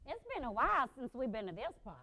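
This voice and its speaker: Woman playing a sassy, loud-talking mother of five. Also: on the high side, big pitch swings, fast talker, a little hiss or hum, heavily acted. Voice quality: sassy, talkative, blunt, streetwise slang. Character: sassy, outspoken mother of five, struggling with money. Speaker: stage actress. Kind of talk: one-woman stage play.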